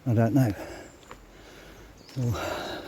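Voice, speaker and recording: Speaking extremely slowly in a medium-pitched, fairly even voice over background noise, an older man rants casually to camera. This vlogger grumbles bluntly, curses freely and is slightly winded.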